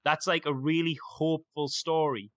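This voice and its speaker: A man's voice: a little high, fairly even intonation, normal speed, no echo, dull audio. A young man chatting casually and enthusiastically, rambling with lots of fillers. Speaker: podcast guest. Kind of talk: casual chat.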